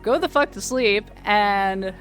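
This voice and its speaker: A woman hosting a casual livestream, chatty and quick to laugh, often stumbling and restarting her words. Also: medium pitch, a bit bright, soft background music. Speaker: streamer host.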